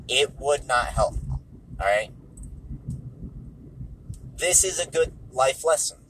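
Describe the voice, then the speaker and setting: A man's voice: medium pitch, slight background noise, low-quality recording. A man giving casual spoken commentary on movies while driving, repeating his points for emphasis. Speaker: movie reviewer. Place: car on the road.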